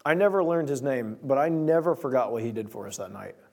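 A young man preaching, opening his sermon with a lively personal story and acting out his own lines. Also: mid-range voice, fairly quick. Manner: storytelling, animated quoting of himself.

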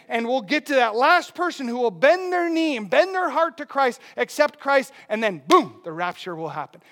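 A man in his thirties delivers a sermon with a high, light voice. He tells stories with energy and swings between quiet asides and loud emphatic bursts. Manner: animated storytelling with laughs and sudden shouts. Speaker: pastor. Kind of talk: sermon with personal story.

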